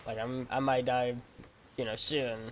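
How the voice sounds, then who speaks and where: A male gaming streamer talking casually through a game session. He rambles, repeats phrases, and drops slang like "bro" and "freaking" in animated, loose chatter at a mid-range pitch. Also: unhurried, a little hiss or hum. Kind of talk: casual livestream chat while playing.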